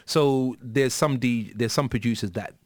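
A man's voice: medium pitch, measured pace, no echo, clean studio sound. A man telling a story as a guest in a casual interview, with lots of fillers and restarts. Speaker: guest musician.

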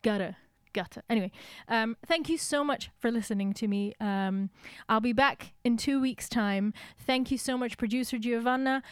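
A woman's voice: fairly high pitch, moderate pace, few pauses, smooth, dry recording, studio quality. A woman hosting a radio music show, talking in a chatty, enthusiastic way with plenty of fillers. She speaks with a non-English accent. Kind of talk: casual radio presenting.

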